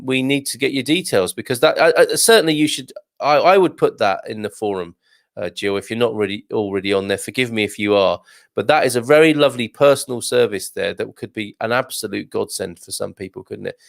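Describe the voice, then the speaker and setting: A male host chatting casually on a live show, reading out viewers' comments and joking back at them. His voice has a gravelly edge. The sound is dry, with no room echo. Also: medium pitch. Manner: chatty, jokey, with frequent fillers and restarts; reads viewer comments aloud.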